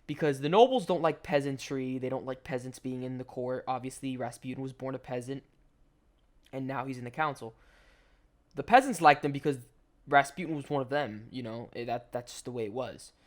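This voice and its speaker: A man's voice: medium pitch, fairly quick. A young adult man, a gaming commentator, telling a story in a rambling, slangy way, full of restarts over gameplay.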